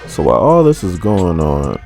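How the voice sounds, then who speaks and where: Casual male comic recapper, very deep voice, faint music bed. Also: huge pitch swings, normal speed, vocal fry, a little mellow. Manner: casual, joking asides. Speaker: comic book recap host.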